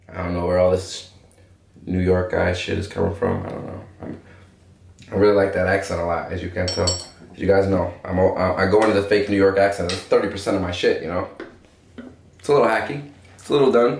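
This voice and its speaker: A man with a fairly low voice talks through a casual review in a brash, joking way, swearing often. His voice rings around an echoey room. A faint hiss of noise sits behind him. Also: creaky. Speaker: cannabis strain reviewer. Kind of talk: casual profane review chat.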